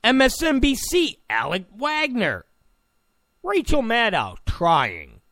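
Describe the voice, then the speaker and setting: A man's voice: extremely high pitch, huge pitch swings, unhurried, pushed and bright, no echo, studio quality. A man delivering a political opinion monologue in an emphatic, repetitive, ranting way. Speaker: political commentator.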